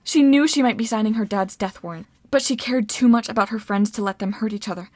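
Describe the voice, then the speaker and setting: A woman narrating an audiobook in a steady storytelling manner. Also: fairly high pitch, quick pace, dry recording.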